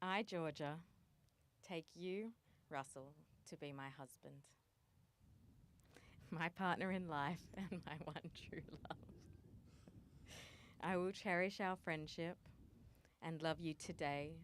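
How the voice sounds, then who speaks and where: Low-voiced bride softly reading vows. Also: female voice, slow, long pauses, a little hiss or hum. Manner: soft, fighting tears.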